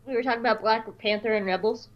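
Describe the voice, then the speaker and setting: A woman co-hosting a podcast, telling a story in a casual, excitable, gushing way. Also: on the high side, quick pace, muffled recording. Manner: excitable, gushing, breaks into squeals. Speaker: podcast co-host.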